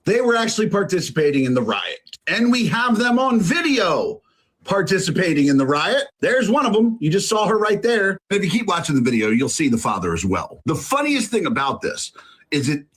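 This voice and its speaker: A man's voice: sits high, big pitch swings, brisk, a bit bright, husky. A man giving dismissive, mocking political commentary.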